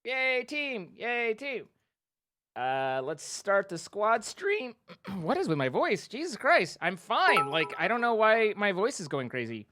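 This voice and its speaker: A man's voice: sits high, wildly swooping pitch, measured pace, pushed and bright. Playful man reading out stream donations. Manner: reads out donor names, playful joking asides. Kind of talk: casual live-stream chat.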